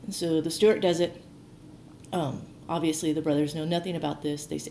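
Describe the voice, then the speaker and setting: A woman's voice: low-pitched, fairly even intonation, brisk, creaky, dark tone. A woman educator casually retelling a Bible story, chatty and full of "like", acting out the quotes. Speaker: archaeology educator. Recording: roomy echo, faint noise.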